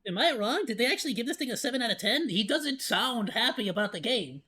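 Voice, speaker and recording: A VTuber streamer giving casual, rambling reaction commentary, excitable and sarcastic. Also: medium pitch, fast, husky.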